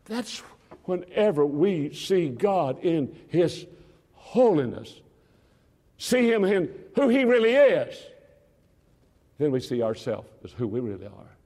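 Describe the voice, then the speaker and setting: A man preaching in a church hall with a long, lingering reverb. His fairly high voice leaps and falls widely, dropping to hushed low phrases and then rising to ringing cries. He stretches out his key words slowly. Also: very animated. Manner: slow, drawn-out emphasis on key words. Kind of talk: revival sermon.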